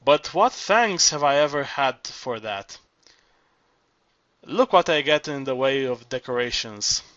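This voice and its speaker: A man's voice: medium pitch, expressive, a little slow, a bit bright, dry recording, highs cut off. A man putting on a vain aging cabaret singer. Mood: boastful. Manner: boastful and theatrical storytelling. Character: aging former cabaret singer, vain, flirtatious, self-pitying woman.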